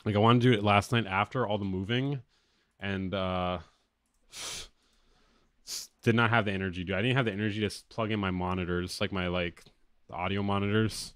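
A man with a lateral lisp talks loosely on a music-production livestream. His voice sits on the low side, and he gets excitable and curses freely. The sound is close and dry, with no room around it. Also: fairly quick, long pauses, clean tone, no room sound. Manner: loose, excitable, swears often. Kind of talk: casual livestream chat.

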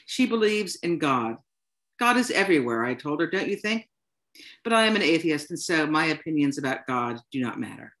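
A woman reading as a calm European man. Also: deep voice, normal speed, heavily acted. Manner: calm, mild and matter-of-fact. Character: calm, philosophical European man, barefoot groom-to-be.

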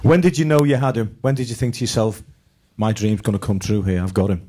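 A man's voice: lowish voice, steady tone, quick pace, dark tone. A man hosting a live fan evening, asking conversational interview questions with teasing asides. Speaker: compere.

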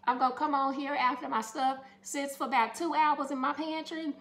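A woman's voice: high-pitched, steady tone, moderate pace, a bit bright, reverberant. A woman chatting through a home cooking demonstration, affectionate and talkative, calling her viewers honey.

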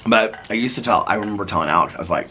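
Speaking very fast in a lowish, pushed and bright voice, a fifties-aged man tells meandering stories on a casual outdoor vlog around his neighborhood and laughs often. Slight background noise and faint bird-filled ambience can be heard.

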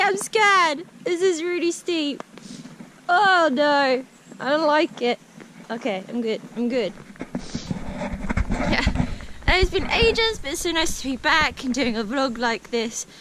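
A young woman chatting casually in a vlog, bubbly and quick to laugh, recorded outdoors in the snow on an action camera. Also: sits high, pushed and bright. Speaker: vlogger. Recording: noisy outdoor camera audio.

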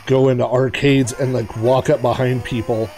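A man hosting a retro gaming video, giving casual, excitable gameplay commentary and chatting to the players on screen. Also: medium pitch, normal speed, soft background music.

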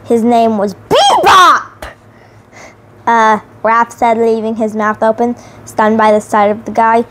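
A woman's voice: fairly high pitch, expressive, slow pace, fairly bright tone. A woman reading a children's novelization aloud carefully, sometimes restarting words. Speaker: reader.

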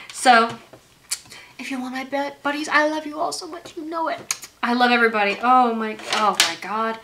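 A young woman vlogging as she opens a gift, gushing with repeated excited exclamations. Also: fairly high pitch, a little hiss or hum. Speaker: YouTuber opening a gift. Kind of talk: casual vlog unboxing.

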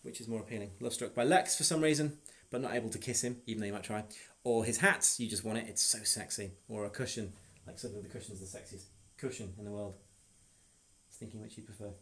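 A young man hosting a casual livestream as a hypnotist, teasing and playful, giving slow, measured trance cues. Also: lowish voice, fairly bright tone. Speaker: stage hypnotist and stream host. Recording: roomy echoey room.

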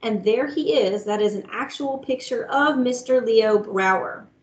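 A woman's voice: on the high side, a little slow, muffled recording. A woman, a music teacher giving an upbeat online lesson to young children. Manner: upbeat, talks to kids directly with lots of "guys" and "all right".

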